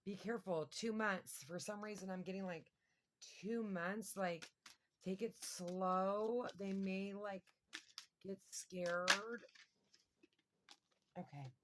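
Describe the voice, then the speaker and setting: A woman's voice: medium pitch, fairly even intonation, slow pace, pauses often, slight background noise. A woman giving a casual tarot reading to her viewers, chatty and thinking aloud with lots of fillers. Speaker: tarot reader.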